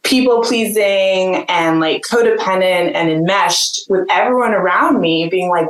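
A woman talks casually about her own experience, filling her speech with "like" and laughing now and then. Her voice sits a little low. The recording carries a roomy echo. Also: measured pace. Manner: chatty, full of "like" fillers, laughs often. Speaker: podcast guest, jeweler. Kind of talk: casual personal storytelling.

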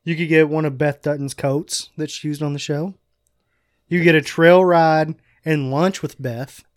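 A man's voice: a little high, steady tone, a little slow, dry recording, clean studio sound. A man co-hosting a podcast, reading out listener questions and joking around in casual banter. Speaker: podcast co-host.

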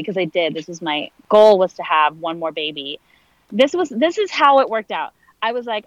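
A woman's voice: fairly low pitch, lively intonation, normal speed, no echo, dull audio. A woman in her late twenties telling a personal story in conversation, candid and full of fillers, acting out the lines of others. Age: 20s. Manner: candid, filler-heavy, reenacts dialogue. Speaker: guest.

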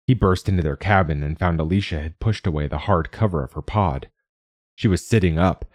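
A man narrating a science fiction short story in a calm, measured storytelling manner. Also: low voice, no echo, clean studio sound. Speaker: narrator and podcast host.

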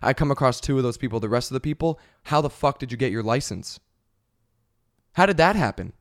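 A man hosting his own podcast in a loose, rambling rant. He swears freely and sounds exasperated, with a medium-pitched everyday voice. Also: animated, brisk. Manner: profane, exasperated, rambling with fillers. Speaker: podcast host. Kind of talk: casual comedic rant.

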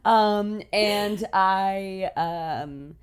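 A woman co-hosting a relaxed podcast, chatting about her life with lots of fillers and easy laughter. Her voice sits at an ordinary middle pitch. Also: extremely slow, smooth. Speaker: podcast co-host. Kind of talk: casual chat. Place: at home in Los Angeles.

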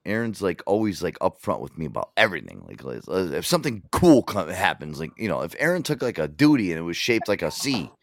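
A male show host with a low, animated voice and a dry, close sound. He rambles through casual chat, swearing freely and padding his talk with "like" and "you know". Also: fast, gravelly, hardly any pauses, no echo. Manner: rambling, profane, full of fillers.

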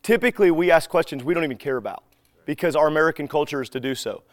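A man teaching a live group in a relaxed, conversational way. He acts out bits of everyday dialogue as he tells his stories. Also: on the high side, rapid-fire, no echo. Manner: animated storyteller who acts out dialogue.

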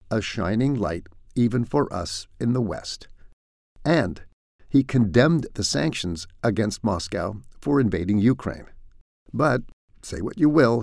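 A man's voice: medium pitch, creaky, darkish tone, no room sound. A man delivering satirical news commentary in a dry, sardonic way, full of wry asides. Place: home in France.

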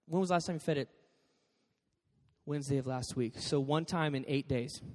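High-voiced joking pastor in a reverberant hall. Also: male voice, moderate pace. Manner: animated, joking storyteller. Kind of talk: sermon.

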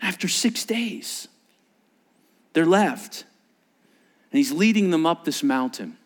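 A man preaching a sermon as a pastor, animated and acting out quotes in changing voices. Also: a little high, slow pace.

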